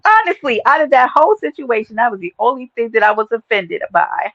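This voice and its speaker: A woman with a Brooklyn New York accent hosting a casual livestream chat, brash, profane and animated, laughing often. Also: fairly high pitch, normal speed, long pauses, dry recording, dull audio. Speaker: livestream host.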